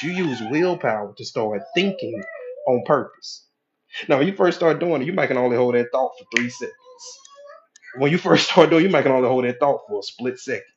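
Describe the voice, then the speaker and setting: A man's voice: mid-range voice, dull audio. A male hypnotherapist and coach giving a casual teaching talk in colloquial speech, acting out the mind's inner voices.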